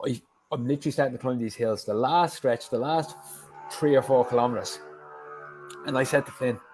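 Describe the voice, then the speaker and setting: A man's voice: medium pitch, fairly even intonation, brisk, darkish tone. An Irish man, a guest on a show, telling a story in casual chat, with lots of fillers and the odd swear word.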